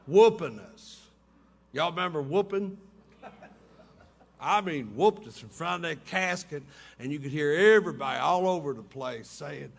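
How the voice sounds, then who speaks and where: A recovery meeting speaker with a high, gravelly, fairly bright voice entertains a hotel ballroom crowd with folksy, funny stories, chuckling along with his own jokes.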